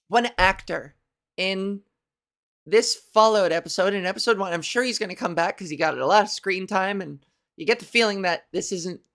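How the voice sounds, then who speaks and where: A woman's voice: medium pitch, vocal fry, a bit bright. A woman comedian hosting her own podcast, rambling through a profane comic monologue.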